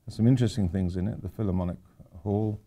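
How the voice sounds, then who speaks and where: A man's voice: fairly low pitch, fairly even intonation, fast talker, warm tone. An older man, an architect giving an informal lecture, rambling through anecdotes with wry asides.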